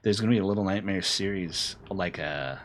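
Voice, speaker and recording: Low-voiced excitable male streamer. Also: fairly quick, a little hiss or hum. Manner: excitable, swings from mumbling to loud outbursts. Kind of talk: casual live-stream chat.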